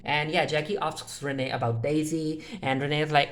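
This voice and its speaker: A casual episode reviewer talks through a TV recap at a middle pitch, neither high nor low. The delivery is loose and unscripted, full of "uh" and restarts, and keeps slipping into "he's like" and "she's like" to act out the characters' lines. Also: fairly even intonation, normal speed, few pauses. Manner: retells scenes in the characters' voices with "he's like" and "she's like".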